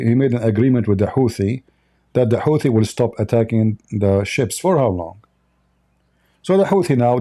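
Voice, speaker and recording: A man's voice: mid-range voice, mellow. A man hosting a livestream of political commentary, blunt and opinionated, often restarting his sentences. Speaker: commentary channel host.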